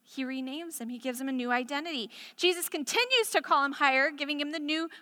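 A woman's voice: high-pitched, fast, sharp tone, in a large hall. A woman preaching a sermon in a chatty, conversational storytelling way, full of casual asides.

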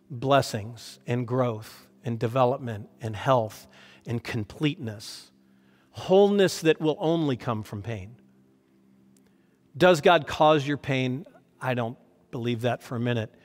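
Earnest pastor preaching in a reverberant hall. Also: male voice, medium pitch. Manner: earnest, emotional, lively emphasis. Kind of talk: sermon. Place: church hall.

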